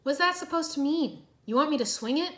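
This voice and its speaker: A woman's voice: high-pitched, lively intonation, a little fast, a bit bright, pitched above the performer's own voice. Woman voicing a skeptical young ninja. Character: hotheaded young male ninja, doubtful.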